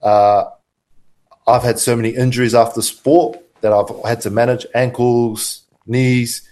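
A man speaking as a guest on a podcast, giving relaxed, practical health advice. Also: medium pitch, a little slow. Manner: relaxed, steady, gives practical health tips. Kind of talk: casual advice in interview.

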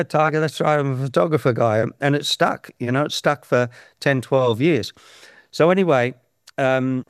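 A man's voice: mid-range voice, no echo. Australian man in his sixties, dry sound. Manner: rambling, with frequent restarts. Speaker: guest. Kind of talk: anecdotal storytelling.

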